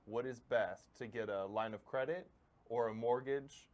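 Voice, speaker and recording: A man helping on a live class, reading viewer questions aloud in a plain, quiet way. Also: mid-range voice, a little slow, muffled recording.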